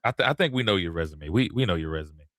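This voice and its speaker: Brief: male host, bright tone, stammers through his points, relaxed banter. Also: low-pitched, no room sound, studio quality. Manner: halting, stammering, good-humored. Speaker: podcast host. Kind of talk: casual podcast banter.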